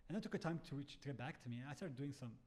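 A man's voice: medium pitch, animated, rapid-fire, darkish tone. A man, a startup founder, telling a story in casual chat, acting out quotes and swearing freely. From Bahrain.

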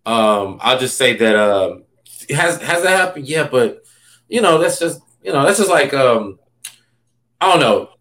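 A man's voice: mid-range voice, a little slow. A man, a stand-up comedian, telling stories in a loose, casual interview chat, full of fillers and asides. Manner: loose, filler-heavy, animated anecdotes.

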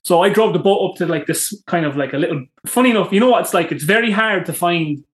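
Irish guest, young and excitable, high-pitched with a roomy echo; a casual storyteller. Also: male voice, fast talker. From Ireland. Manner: excitable, tells stories with swearing and acted quotes. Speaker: podcast guest.

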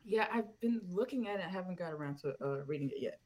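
A woman joins a casual podcast as a guest, teasing and blunt in her replies. Her pitch moves up and down a lot as she talks. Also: expressive, fast, darkish tone.

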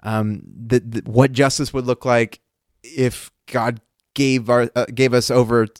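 A man co-hosting a casual Bible discussion podcast. He talks at a middling pitch, thinking aloud in halting bursts with frequent restarts. The sound is dry and close, with little room echo. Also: level tone. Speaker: podcast co-host.

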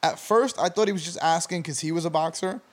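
A man's voice: on the high side, quick pace. A young man telling a rambling, profane story in casual chat.

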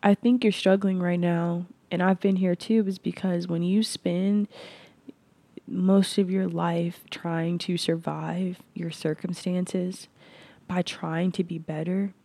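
A woman with a mellow, slightly low voice hosts a reflective solo podcast. She speaks earnestly, with restarts and plenty of "like". The sound is close and dry, with no room in it. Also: flat delivery, takes it slowly, no echo. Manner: earnest, frequent restarts and "like" fillers. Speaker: podcast host. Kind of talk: reflective personal monologue.

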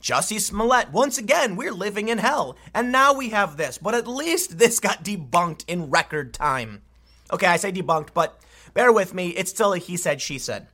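A man in his thirties giving opinionated news commentary, sarcastic and exasperated, with quick asides. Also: high-pitched, big pitch swings, bright, forceful tone. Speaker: political commentator.

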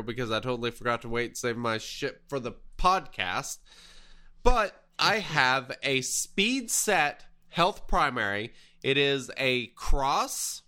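Slow, bright-toned male podcast host. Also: medium pitch. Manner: relaxed, rambling with fillers. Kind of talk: casual gaming chat.

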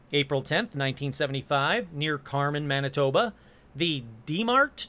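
An animated man with a high, bright voice that leaps all over its range. He tells stories casually, breaking off for jokey asides and quick apologies. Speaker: host. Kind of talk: casual storytelling monologue.

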